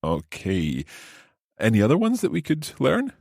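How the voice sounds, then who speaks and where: A man hosting a language lesson podcast as the learner, asking curious questions and slowly repeating new phrases. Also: medium pitch, wildly swooping pitch, vocal fry, a little mellow, dry recording, clean studio sound. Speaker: host and learner.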